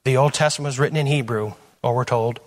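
A man preaching a teaching sermon in a church, firing off rhetorical questions, rising to loud emphasis and dropping to low asides. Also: fairly even intonation, fast.

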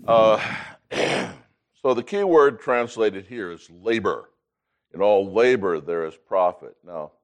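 His voice is lowish, belonging to a man in his sixties who teaches Bible study. He reads scripture out loud emphatically and keeps clearing his throat.

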